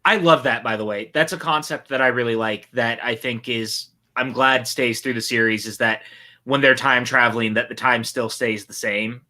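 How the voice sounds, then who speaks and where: Guy hosting a movie watch-along, super bright tone, just chatting along. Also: mid-range voice, fairly even intonation, normal speed. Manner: chatty, reads viewer chat aloud. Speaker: podcast co-host.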